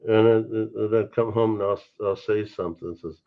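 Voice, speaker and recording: A man from Serbia, joining a livestream chat as a guest and telling stories in an animated way. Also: on the low side, a little fast, hardly any pauses. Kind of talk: casual chat. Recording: dull lo-fi call over hotel internet.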